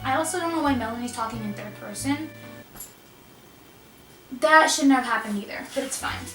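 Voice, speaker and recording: A woman's voice: on the high side, moderate pace, pauses often, distant mic. A young woman vlogging casually while wrapping gifts, rambling and self-mocking and easily sidetracked, recorded on a camera mic in a room at home. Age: young adult. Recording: echoey room, voice off-mic, music behind.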